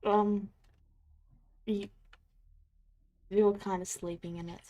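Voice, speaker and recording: A woman's voice: mid-range voice, little pitch movement, slow pace, dark tone, close to an everyday voice. A woman voicing a sullen young adult brother who answers curtly and deflects. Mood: sulky deflecting. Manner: curt, deflecting replies.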